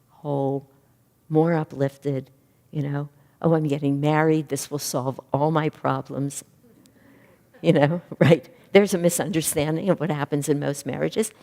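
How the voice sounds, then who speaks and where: Middle-aged woman minister teaching a class, earnest and thoughtful, with a long echo from the hall. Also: sits low. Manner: earnest, reflective, lively when retelling stories. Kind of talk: spiritual class talk.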